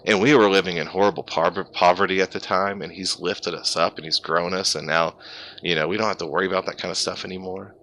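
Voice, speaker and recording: Emotional man with a bright, forceful voice. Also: low-pitched, fairly even intonation, fast talker, slight background noise. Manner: heartfelt and emotional, rambling with restarts. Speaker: pastor and gaming streamer. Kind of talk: personal testimony on a live game stream. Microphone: gaming headset.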